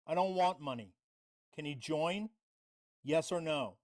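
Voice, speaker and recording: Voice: mid-range voice, a little slow, darkish tone. A livestream host giving confrontational commentary, reading out messages and mocking the other side. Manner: reads out chat messages.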